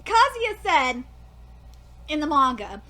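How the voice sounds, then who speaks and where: A woman giving a casual anime review, gushing and excitable, swearing and laughing often, rambling with lots of fillers. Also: high-pitched, takes it slowly. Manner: rambling with many fillers and restarts.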